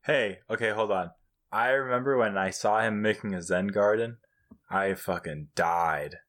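A man's voice: on the low side, moderate pace, fairly bright tone. A man co-hosting a casual podcast, joking and bantering with crude humor. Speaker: podcast co-host. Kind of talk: casual chat.

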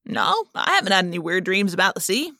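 A woman's voice: mid-range voice, big pitch swings, a little fast, vocal fry, sharp tone, no room sound, clean studio sound, heavily acted. Woman reading as a wisecracking teen boy. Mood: joking. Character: joking, defensive teen boy.

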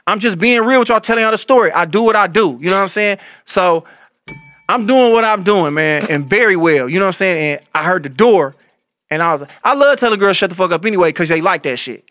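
A young man co-hosting a casual chat, telling loud, animated stories full of crude slang. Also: high voice, brisk, dry recording, soft background music. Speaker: podcast co-host.

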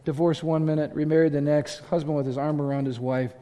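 A man preaching a sermon as pastor, impassioned and rising to loud exhortation. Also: on the high side, steady tone, fairly quick. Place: church sanctuary. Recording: long hall reverb.

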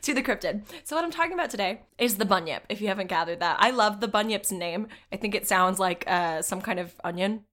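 A woman's voice: mid-range voice, lively intonation, fast, hardly any pauses, a bit bright. A woman co-hosting a comedy podcast, chatting casually in a giggly, rambling, jokey way. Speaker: podcast co-host.

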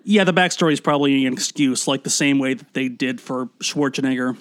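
A man's voice: medium pitch, a little fast, no echo, clean studio sound. A man co-hosting a podcast, chatting casually about movies with wry jokes. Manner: wry, joking. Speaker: podcast co-host. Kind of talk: casual movie review chat.

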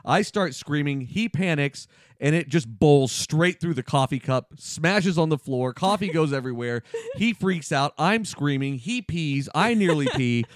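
A man, the podcast's producer, telling a home mishap story in animated, casual chat. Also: a little high, a little slow, no echo, clean studio sound. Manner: animated storyteller, says "dude".

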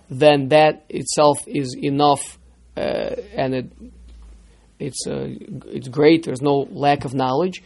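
A man with a voice on the high side teaches an interactive text study class. He's lively, firing rhetorical questions at his students and repeating words as he begins sentences.

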